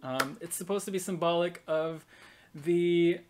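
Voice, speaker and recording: A game master voicing an excitable older baroness who fusses over her guests and presses food on them. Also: medium pitch, unhurried, voice pushed up, natural voice. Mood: gushing. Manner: gushing, eager to please, pushy with food.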